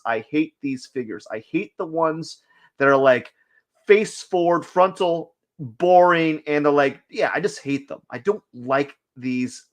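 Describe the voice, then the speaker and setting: A man chatting casually and joking as he draws figure studies on a live stream, rambling and breaking into silly voices. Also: mid-range voice. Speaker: artist streaming a drawing session.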